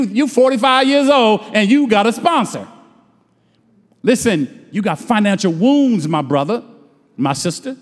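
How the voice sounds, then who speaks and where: A high-voiced middle-aged man preaches with folksy, emphatic drive, drawing words out slowly to hammer his points. His voice rings with the long reverb of a large hall. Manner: emphatic call-and-response preaching, slows and stretches words for emphasis; folksy, colloquial speech. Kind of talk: sermon.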